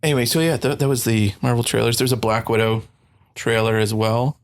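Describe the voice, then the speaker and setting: A man co-hosting a podcast in a relaxed casual chat, laughing often. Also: medium pitch, a little fast, no echo. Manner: laid-back, laughs often. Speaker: podcast co-host.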